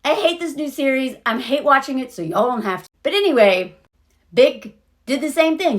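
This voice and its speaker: Brief: a blunt, sarcastic woman ranting about TV, high voice that swoops all over. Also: expressive, normal speed. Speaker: video creator. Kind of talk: sarcastic TV commentary rant.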